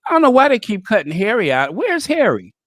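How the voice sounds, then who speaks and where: A man's voice: high-pitched, big pitch swings, fast, a bit bright. A man hosting a channel, chatting casually and thinking aloud as he talks straight to his viewers. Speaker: channel host. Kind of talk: casual live reaction commentary.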